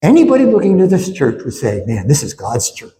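Male pastor, mellow voice pitched a little high, earnest sermon delivery, echoey sanctuary with faint room noise. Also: huge pitch swings, a little fast. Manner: earnest, repeats words, rises to emphatic peaks. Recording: echoey hall with faint ambience.

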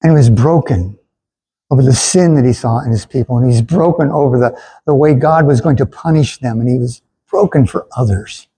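A man's voice: mid-range voice, brisk, dark tone, slightly rough, low-quality recording. A man preaching a sermon in an earnest way, with stammered restarts, and he asks the congregation to repeat lines after him. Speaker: pastor.

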